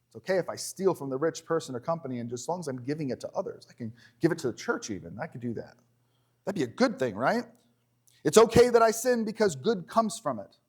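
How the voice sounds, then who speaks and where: A man preaching a conversational sermon in a church, animated and joking, slowing down when he reads scripture. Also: mid-range voice, breathy edge.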